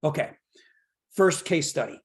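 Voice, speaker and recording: A middle-aged man teaching a real estate workshop in an energetic, motivational way, stacking up repeated phrases and often checking in with "right?". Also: on the high side, a little slow, husky. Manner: builds points through long repeated phrases.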